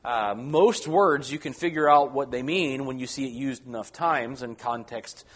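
A man leads a Bible study lecture at a mid-range pitch. He talks in a loose, conversational way, filling pauses with ums and uhs and often restarting his words. His tone is that of a teacher explaining a passage. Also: breathy edge.

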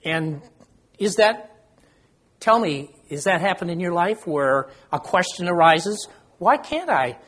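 Leading a relaxed Bible study, this older man talks conversationally, tosses questions to the group, and jokes self-deprecatingly about his memory. He speaks at a measured pace in a high-sitting, fairly bright voice.

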